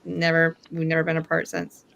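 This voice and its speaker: A woman and mother chatting casually on a podcast, frank and quick to laugh. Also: deep voice, completely flat delivery, creaky, background noise. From northern US. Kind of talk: casual chat.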